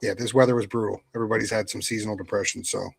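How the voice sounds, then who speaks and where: A man's voice: fairly low pitch, steady tone, racing, creaky, slightly rough, no room sound. A man with a Philadelphia accent, co-hosting a sports podcast, upbeat and agreeable in casual chat. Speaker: podcast co-host.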